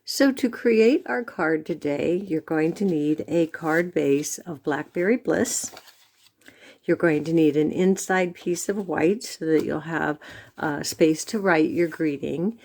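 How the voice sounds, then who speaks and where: A woman's voice: deep voice, takes it slowly, darkish tone. A woman from the United States giving a chatty step-by-step card-making tutorial, with frequent fillers. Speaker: stamping demonstrator. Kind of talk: craft tutorial.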